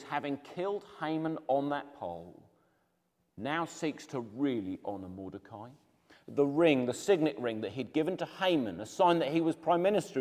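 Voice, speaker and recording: A man's voice: mid-range voice, a little mellow. A man teaching a Bible lesson, retelling the story dramatically and speaking to his viewers directly. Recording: reverberant room.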